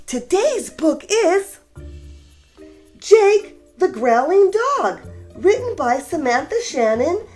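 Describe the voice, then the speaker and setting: A woman hosting a children's reading show and reading a rhyming story aloud with warm, expressive delivery. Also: extremely high pitch. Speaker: children's story reader, host. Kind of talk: read-aloud storytelling for kids.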